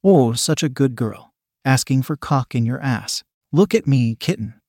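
A smug dominant man talks down in a low, teasing voice, as a male narrator plays him. The pitch sits in the middle for a man, and the recording is dry and close. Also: expressive, measured pace, a little mellow, no echo.

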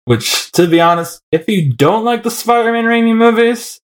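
Guy cohosting a podcast, jokey, laughs a lot, sounds pretty animated. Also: very high-pitched, normal speed. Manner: joking, laughs often. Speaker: podcast co-host. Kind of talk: casual chat.

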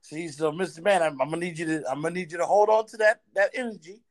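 A man with a higher-pitched voice talks at a quick pace. He hosts a casual talk show and speaks playfully, straight to his audience.

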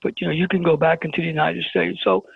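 A man tells his story over the phone to a radio host, acting out each exchange as he goes. His voice sits high for a man and carries a strong gravelly rasp. The tinny, dry phone line cuts it down. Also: quick pace, no echo. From Brooklyn, New York. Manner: animated storyteller who acts out the dialogue. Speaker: guest telling a personal story. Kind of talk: storytelling on a call-in radio show.

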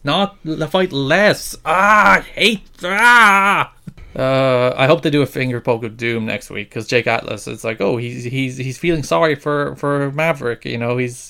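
A man's voice: mid-range voice, fairly bright tone. A man co-hosting a wrestling podcast, ranting with exasperation about the booking. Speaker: podcast co-host. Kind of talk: casual wrestling podcast chat.

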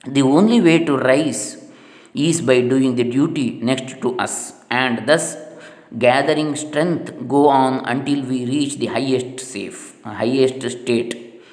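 Slow, solemn man reading scripture. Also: mid-range voice, a little mellow. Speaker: reader. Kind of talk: reading a spiritual text aloud. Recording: echoey hall with long reverb.

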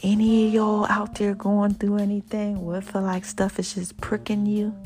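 A woman hosting a podcast, telling a personal story in an expressive, conversational way and talking straight to her listeners. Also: mid-range voice, moderate pace, soft background music. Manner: expressive, conversational, addresses listeners directly as y'all and baby. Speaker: podcast host.

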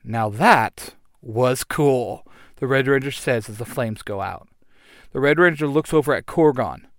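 Man, storyteller, animated action-story reading, lively pitch, dry sound. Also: moderate pace, dry recording.

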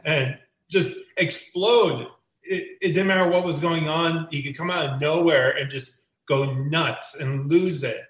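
A man's voice: on the high side, measured pace, a bit bright. A man reminiscing about his college days, reflective and amused. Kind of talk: reflective storytelling. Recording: echoey room.

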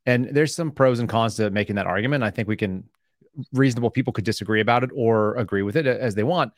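A man speaking as a podcast guest, an animated storyteller who acts out quoted exchanges in casual conversation. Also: fairly low pitch, quick pace, no room sound, studio quality. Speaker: podcast guest, former FBI agent.

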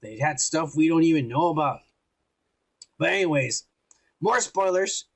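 A man talks in a high, gravelly voice, rambling and teasing his co-host. His podcast chat is crude and loose, full of filler yeahs. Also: animated, measured pace. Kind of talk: casual profane nerd chat.

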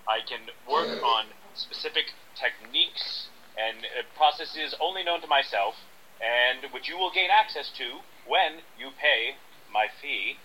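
A man's voice: medium pitch, sharp tone, a little hiss or hum, low-quality recording. A man playing a pompous, scamming acting coach in an improvised radio sketch, smug and lecturing. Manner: smug, lecturing, drawn-out emphasis.

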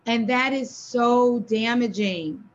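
A woman's voice: fairly high pitch, slow pace, crowd noise. A woman co-hosting a podcast, talking candidly with a friend and acting out quoted lines with animation. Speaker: podcast co-host. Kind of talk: candid conversation between friends. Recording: dull, lo-fi sound.

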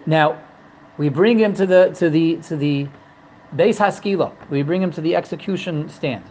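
A man's voice: fairly high pitch, moderate pace, a little mellow, a little hiss or hum, low-quality recording. Joking, digressive male Torah teacher. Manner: humorous, digressive, repeats himself. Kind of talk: religious lesson.

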